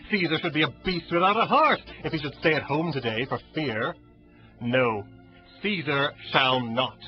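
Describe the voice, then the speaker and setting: A man's voice: on the high side, normal speed, lightly acted. A man playing a proud, defiant Roman ruler in a Shakespeare audio drama, declaiming grand verse. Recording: dull lo-fi audio under music.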